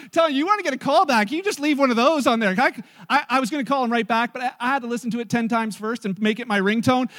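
A middle-aged man preaching a sermon in a church, telling stories with lively acted quotes and asides to the congregation. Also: extremely high pitch. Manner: animated, storytelling with acted quotes and audience asides. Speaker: pastor.

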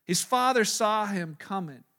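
A man's voice: sits high, lively intonation, measured pace, pushed and bright. A male pastor preaching a sermon in a casual, storytelling way with frequent fillers.

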